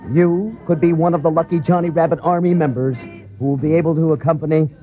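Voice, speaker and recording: A man as a radio disc jockey doing fast promotional patter on a 1960s broadcast. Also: a little high, fairly even intonation, narrow, tinny audio, soft background music.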